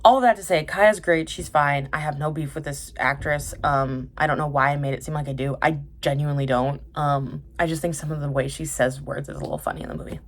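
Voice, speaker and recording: Young woman, low-pitched, rambling casual vlog, filler-heavy, self-correcting. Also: fairly even intonation, fairly quick, hardly any pauses, a little hiss or hum. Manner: chatty, tangent-prone, full of fillers and self-corrections. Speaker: vlogger reviewing TV dramas.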